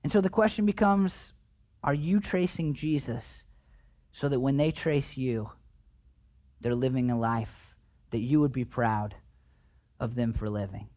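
A man preaching a sermon as pastor, earnest, often restarting words and dropping quiet at the ends of phrases. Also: mid-range voice, measured pace, long pauses. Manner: acts out quoted voices, drops quiet at phrase ends.

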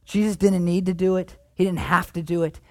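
A man preaching a sermon as pastor, in a conversational way that swings between animated emphasis and hushed, tender passages. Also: high-pitched, fairly quick, no echo.

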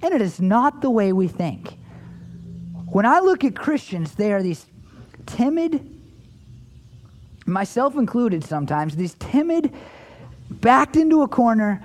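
A man preaching a sermon in an earnest, repetitive way, often restarting phrases and swinging his pitch up and down for emphasis. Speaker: pastor.

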